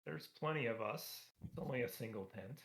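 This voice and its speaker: A man playing his character in a tabletop game, speaking in a hesitant, measured way. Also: mid-range voice, creaky, fairly bright tone. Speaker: player.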